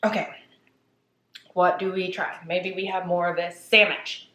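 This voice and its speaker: Eating on camera, a female vlogger works her way through a horror story in a casual, lively, talkative retelling. She speaks at a measured pace in a lowish voice, and the poor-quality recording has a roomy sound.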